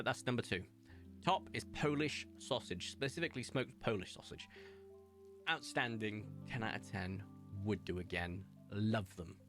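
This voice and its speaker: A man's voice: fairly low pitch, pushed and bright. A young English man streaming a game, chatting casually and enthusiastically, rambling with frequent laughs. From England.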